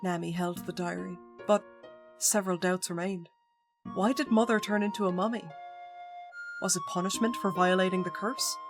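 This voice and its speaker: A woman streamer reading a visual novel aloud in an expressive voice, dropping in joking asides. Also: fairly low pitch, normal speed. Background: game music.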